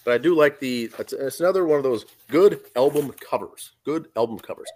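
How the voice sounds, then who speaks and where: A man of medium pitch co-hosting a laid-back podcast. He takes things easy and echoes short words back to his partner, repeating himself as he goes. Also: brisk, a little mellow. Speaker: podcast co-host. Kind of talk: casual chat.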